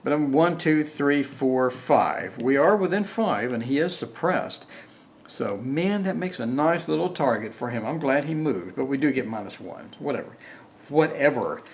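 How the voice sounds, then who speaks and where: A man's voice: medium pitch, lively intonation, normal speed, slight background noise. A man playing a board game alone on camera, reading cards aloud, counting and grumbling about bad luck. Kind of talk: solo playthrough commentary.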